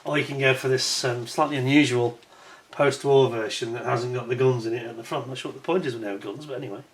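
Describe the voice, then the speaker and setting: A man's voice: medium pitch, fairly even intonation, fast talker. A man giving a casual hands-on review of a scale model kit, chatty and admiring, with wry self-mocking asides.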